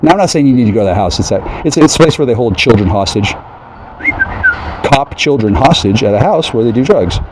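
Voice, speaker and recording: A man talking straight to his listeners in a profane, agitated, rambling rant that jumps from one idea to the next and mocks other people in high voices. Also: animated, a little fast, background noise. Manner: profane, agitated, conspiratorial, jumps between ideas; mocking quoted voices in a high pitch.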